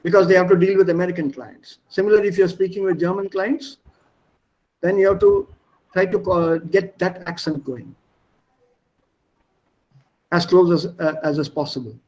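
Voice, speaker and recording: High-voiced man with an Indian accent. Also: steady tone, normal speed, pauses often, darkish tone, low-quality recording. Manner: explanatory, repeats and spells out words, fillers. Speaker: language teacher. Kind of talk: online class lecture. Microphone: video call.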